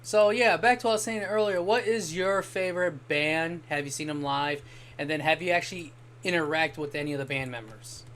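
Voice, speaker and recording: Fairly high and a bit bright, the young man's voice moves fairly quickly as he chats on a game stream. He tells long, rambling anecdotes with occasional swearing, and a little hiss or hum is audible.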